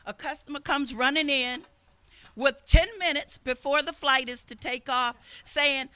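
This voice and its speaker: An older woman preaches a sermon at an outdoor service, telling a personal story in an earnest way. Her voice is bright and sits fairly high, and she acts out the people she quotes. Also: steady tone, unhurried. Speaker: minister.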